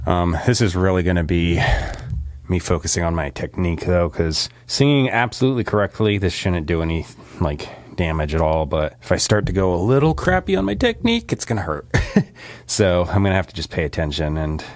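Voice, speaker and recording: Very deep-voiced chatty male singer. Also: sing-song, a little fast, no room sound. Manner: chatty and rambling, laughs often. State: recovering from a sore throat. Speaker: singer-songwriter. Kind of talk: casual vlog chat. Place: home recording studio. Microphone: studio microphone.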